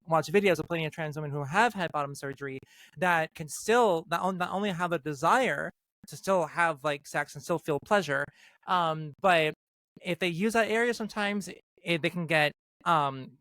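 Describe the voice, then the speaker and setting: A woman's voice: low voice, normal speed, fairly bright tone, no room sound. A trans woman co-hosting a podcast, chatting casually, swearing often and restarting her sentences a lot. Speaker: podcast co-host. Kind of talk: casual chat.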